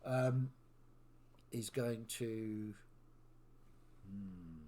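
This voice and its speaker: A man narrating as game master, prompting players in an easygoing, unhurried way. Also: lowish voice, dark tone, a little hiss or hum.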